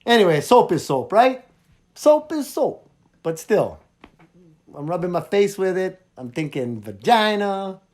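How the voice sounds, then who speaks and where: A man hosting a podcast, telling a funny story in a casual, animated way and acting out both sides of a conversation. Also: high-pitched, measured pace. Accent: Hawaiian. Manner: animated, jumps between loud and quiet, acts out dialogue. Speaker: podcast host.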